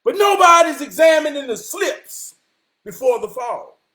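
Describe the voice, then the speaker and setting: A man with a strikingly high-pitched voice delivers a preachy motivational monologue. He is emphatic and profane, often rising to a shout, and he slows down to repeat his key lines for weight. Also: expressive. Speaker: motivational vlogger.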